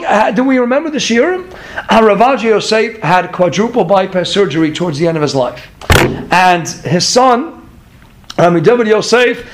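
A man teaching a Torah class, telling stories, asking his listeners rhetorical questions and chuckling through his digressions. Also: high voice. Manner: asks the audience rhetorical questions.

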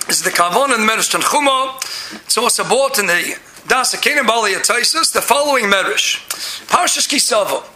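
A man's voice: extremely high pitch, bright, forceful tone, echoey room, a little hiss or hum. A man giving an impassioned Torah lecture, rising to exclamations and using many Hebrew terms. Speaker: Torah teacher.

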